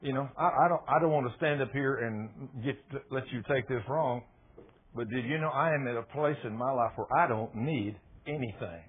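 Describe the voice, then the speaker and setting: A man preaching a sermon in a folksy, emphatic way, repeating phrases and rising to loud peaks. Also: medium pitch, normal speed. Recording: husky voice over a tinny phone-like line.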